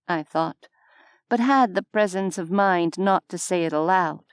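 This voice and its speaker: A woman narrating a scripted audiobook in an unhurried, even storytelling manner on a close studio mic. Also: on the low side, clear, resonant tone, dry recording.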